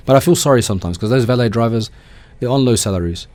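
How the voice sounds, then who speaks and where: A man's voice: medium pitch, a little mellow, dry recording. A man with an Australian accent chatting casually as a radio interview guest, telling rambling stories and acting out the people in them. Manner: fast, rambling storyteller who acts out quoted people. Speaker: guest, car rental business owner. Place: radio studio.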